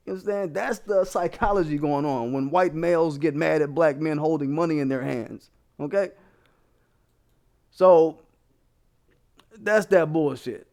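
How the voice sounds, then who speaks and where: A man's voice: fairly high pitch, moderate pace, creaky, pauses often, darkish tone. A man hosting a commentary channel, ranting bluntly and swearing constantly as he talks straight to his viewers. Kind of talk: profane casual commentary.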